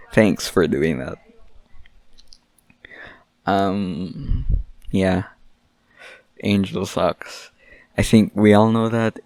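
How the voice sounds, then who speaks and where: Young male podcast host, rambling mock-angry rant; unhurried, lower pitch. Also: darkish tone, dry recording. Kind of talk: solo casual podcast rant.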